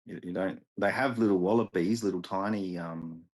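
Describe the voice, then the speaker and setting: A laid-back Australian man with an Australian accent, chatting casually on a live stream. His voice sits very low and has a husky grain. He tells stories easily and chuckles often. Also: moderate pace, darkish tone, rough recording. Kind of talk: casual chat.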